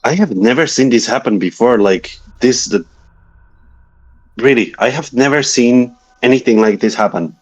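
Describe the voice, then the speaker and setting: A man's voice: medium pitch, lively intonation, moderate pace. A man telling a guest's ghost story in a casual, hesitant way, often searching for words. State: a little shaky from reliving memories.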